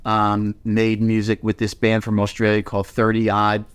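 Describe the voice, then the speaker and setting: A man's voice: on the low side, monotone, moderate pace, clear, resonant tone. A middle-aged man co-hosting a music podcast, telling a story in casual chat, swearing freely and poking fun at himself. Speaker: podcast co-host.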